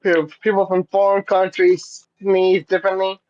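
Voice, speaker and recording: A man's voice: high voice, completely flat delivery, moderate pace, darkish tone, no room sound, highs cut off. A man guesting on a livestream, chatting casually and telling crude jokes. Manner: joking, tells crude jokes.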